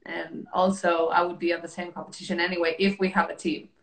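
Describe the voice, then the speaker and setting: A woman's voice: on the low side, little pitch movement, quick pace, gravelly, echoey room. A woman from Mexico, hosting a casual interview and chatting with many fillers, sometimes acting out quotes. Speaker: host and technical specialist.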